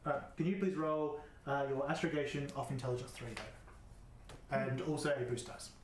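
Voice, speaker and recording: A man narrating as game master of a tabletop game, relaxed, with many fillers. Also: mid-range voice, moderate pace, a little hiss or hum. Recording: echoey room.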